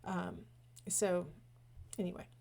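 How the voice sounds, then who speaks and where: A woman's voice: fairly low pitch, level tone, slow pace, gravelly, mellow. Chatty middle-aged woman giving a lecture. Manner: chatty, digressive, with asides and fillers. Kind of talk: recorded lecture.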